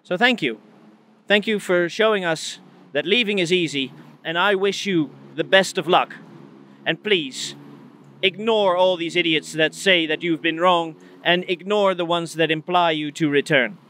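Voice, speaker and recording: Man, Dutch accent, emphatic and dramatic address, slightly high pitch. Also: a little slow, sharp tone. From Netherlands. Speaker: speaker addressing the British. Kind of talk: earnest political address.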